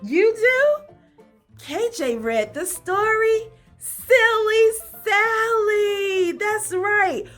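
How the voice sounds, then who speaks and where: A woman teacher leading a phonics lesson for young children, speaking slowly in an encouraging sing-song and asking many questions. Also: very high voice, sing-song, a bit bright, soft background music.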